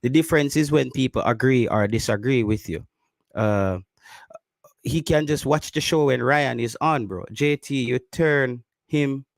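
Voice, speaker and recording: A Jamaican man with an average-pitched voice chats casually on a live stream, picking through viewer comments. He repeats and restarts his phrases and drifts into patois. The sound is dry and close, with no room around it. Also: vocal fry, no echo. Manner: reads viewer comments aloud, repeats himself, slips into patois.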